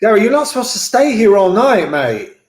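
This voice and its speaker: A man's voice: high-pitched, big pitch swings, brisk, reverberant, voice pushed up. A man voicing a harried newspaper editor who stammers when exasperated.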